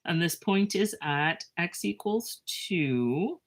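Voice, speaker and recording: A woman teaching a math lesson in a chatty, self-mocking way, with lively asides and a drawn-out pace while she writes. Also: lowish voice.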